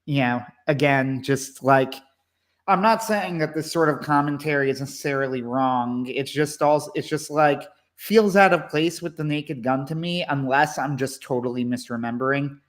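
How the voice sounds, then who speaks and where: A man co-hosting a casual livestream chat, rambling and hesitant with lots of fillers, in a wry, low-key way. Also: normal speed. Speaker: co-host, movie commentator.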